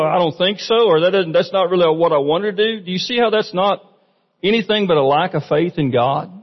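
A man preaching a sermon in a conversational way, often asking the congregation questions. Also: fairly high pitch. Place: church sanctuary. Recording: muffled recording with long hall reverb.

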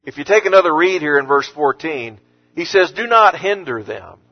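A man's voice: fairly high pitch, animated, moderate pace, muffled recording. A man preaching a sermon, earnest and rising to emphatic force on the scripture he quotes. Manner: earnest, rising to emphatic when quoting Jesus. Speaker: pastor.

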